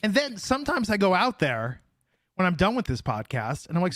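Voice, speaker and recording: A man's voice: high voice, big pitch swings, fairly quick, fairly bright tone, no room sound. A man hosting a podcast in casual chat, telling stories with wry, dry humor. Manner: wry storytelling, dry jokes. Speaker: podcast host.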